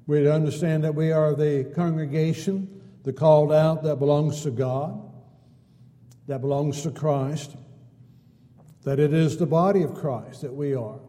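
A man preaching in a church sanctuary, his voice very dark and mellow and sitting a little high. He builds his points in repeated, stacked phrases and drops in homey asides. The hall carries a long, ringing reverb. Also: fairly even intonation, a little slow. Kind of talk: sermon.

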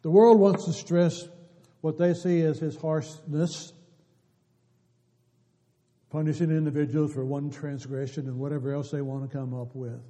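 Preacher, male, fairly high, dark-toned voice, repetitive exhortation in a reverberant church. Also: steady tone, measured pace, pauses often. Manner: rising to emphatic exhortation, repeating phrases. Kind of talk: sermon. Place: church sanctuary.

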